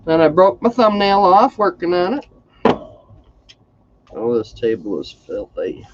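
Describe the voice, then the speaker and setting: A man's voice: sits high, wildly swooping pitch, measured pace, dull audio, slight background noise. A man hosting a casual crafting livestream, chatty and folksy, greeting viewers by name.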